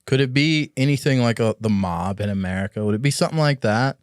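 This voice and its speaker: A man at a middling pitch hosts a relaxed podcast conversation. He asks long, meandering questions that restart and circle back before they land. The sound is dry and close, with no room around it. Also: fast talker, clean tone, no echo. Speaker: podcast host. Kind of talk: casual podcast chat.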